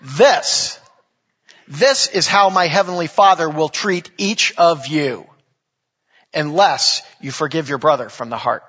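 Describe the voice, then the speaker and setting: A pastor delivers a sermon in a chatty way, dropping jokes and asides between scripture readings. His voice sits high and bright with a husky edge. The sound rings through a large church hall on a dull, lo-fi recording. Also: slow. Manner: conversational preaching with jokes and asides.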